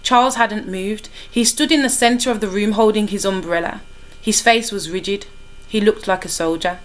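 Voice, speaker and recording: A woman teacher reads a children's novel aloud for her class. Her voice is middle-pitched, and she gives the story a lively, expressive lift. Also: moderate pace.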